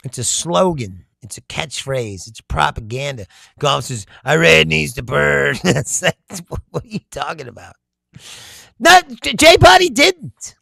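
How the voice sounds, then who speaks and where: A man's voice: fairly high pitch, measured pace, gravelly, no room sound, studio quality. A man hosting a live stream. He reads viewer comments aloud, talks with lots of energy, laughs often and swears. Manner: animated, laughs often, shouts, profane. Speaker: host.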